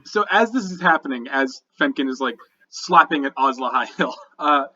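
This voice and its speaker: A man's voice: mid-range voice, animated, moderate pace, bright, forceful tone, highs cut off. A man narrating a tabletop game as game master, casual and filler-heavy.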